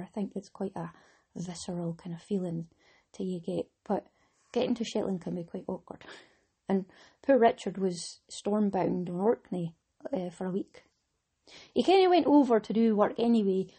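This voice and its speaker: A woman's voice: mid-range voice, dark tone, slightly rough. A middle-aged Scottish woman hosting a knitting podcast, talking in a chatty, rambling way with frequent laughs. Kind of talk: casual chat.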